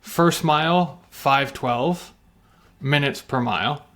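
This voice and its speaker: Male co-host, measured and reflective, casual conversation. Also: on the high side, a bit bright. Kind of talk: casual podcast talk.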